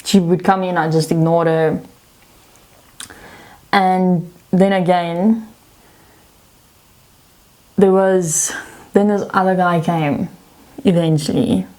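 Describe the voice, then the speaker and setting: A woman's voice: fairly low pitch, takes it slowly, long pauses. Young woman venting about a bad job. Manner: animated, frustrated retelling of a bad job. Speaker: vlogger. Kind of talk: casual storytelling.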